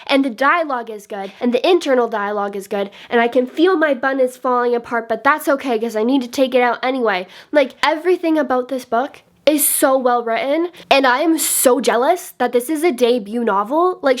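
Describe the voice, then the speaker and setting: A woman talking straight to camera about books she loves, eager and rambling, with a lot of "like" between her thoughts. Her voice sits a little high. It is an unscripted, casual review. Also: a little fast, hardly any pauses. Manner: gushing, enthusiastic and chatty, full of "like". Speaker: book vlogger.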